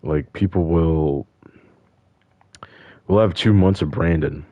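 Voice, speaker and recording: A man's voice: low-pitched, takes it slowly, mellow, dry recording, dull audio. An upset man from the United States ranting in frustration and swearing constantly. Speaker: vlogger. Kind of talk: angry casual rant.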